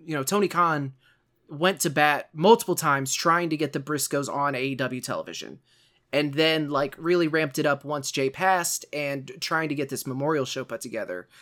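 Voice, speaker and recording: A man's voice: on the high side, moderate pace, a bit bright. Laid-back man rambling on a podcast. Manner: easygoing, rambling, with many fillers. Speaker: podcast co-host. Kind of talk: casual podcast chat.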